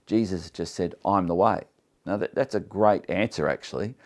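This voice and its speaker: A man with a very low, deep voice leads a Bible study. He is earnest and emphatic, reading passages aloud and then unpacking them in his own words, and he sometimes stumbles and restarts as he presses a point. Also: normal speed. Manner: earnest, reads scripture aloud then explains it. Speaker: Bible teacher.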